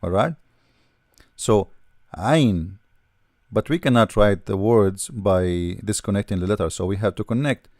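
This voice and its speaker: A man's voice: lowish voice, a little slow, a little mellow, no echo, studio quality. A man teaching the alphabet patiently, repeating sounds and often checking in with "all right?". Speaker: language teacher. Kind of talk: explaining letters while writing.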